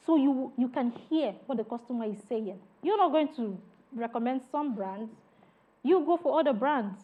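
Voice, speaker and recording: A woman with a high voice gives an emphatic training lecture on customer service and talks straight to her trainees. She acts out each tone of voice to show it. The sound is thin and narrow, like a phone line. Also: lively intonation, moderate pace. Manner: emphatic, demonstrates tones by example; addresses trainees directly.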